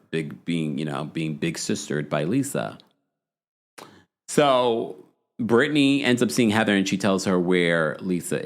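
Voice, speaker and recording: Lively low-voiced man recapping gossip. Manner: animated gossipy storytelling, frequent "okay?" asides. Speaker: reality TV recap podcast host. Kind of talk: casual chatty recap.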